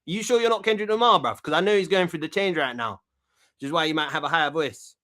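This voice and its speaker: A man's voice: on the high side, quick pace, sharp tone. A man hosting a comedic talk show sketch, brash and full of slang, rambling and repeating himself.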